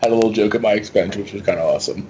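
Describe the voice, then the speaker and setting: A man co-hosting a podcast, telling excitable stories in casual chat, stumbling over his words. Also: lowish voice, racing, slight background noise, rough recording. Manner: excitable, stammering storyteller. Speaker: podcast co-host.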